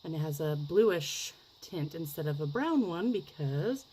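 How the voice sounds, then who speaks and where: A woman talks slowly and rather low as she demonstrates a craft at her table. She gushes over each result and rambles from thought to thought, now and then sinking to a whisper. A faint hum of room noise sits behind her. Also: lively intonation, warm tone, rough recording. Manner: gushing, rambling, chatty, drops into whispers. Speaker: craft vlogger.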